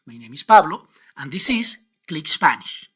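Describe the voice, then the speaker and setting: A man teaching Spanish pronunciation in an online lesson, with a clear, deliberate delivery and frequent quiz questions to the viewer. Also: fairly high pitch, lively intonation, heavy background noise.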